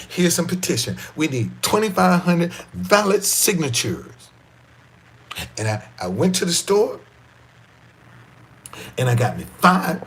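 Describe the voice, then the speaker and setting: Husky, animated D.C. man. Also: on the high side. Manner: profane, repetitive, emphatic street talk. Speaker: guest telling his life story. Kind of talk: animated storytelling.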